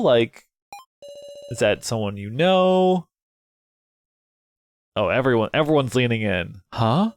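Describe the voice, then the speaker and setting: A young man casually narrating his way through a story game, thinking out loud, excitable and prone to swearing. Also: medium pitch, takes it slowly, long pauses. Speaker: game let's player. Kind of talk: casual gameplay commentary.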